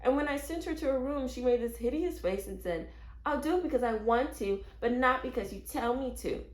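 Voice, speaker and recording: A woman's voice: sits high, lively intonation, brisk, voice pushed up. A woman voicing a worried, polite mother in a read-aloud storybook. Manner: fretful, polite. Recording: roomy echo.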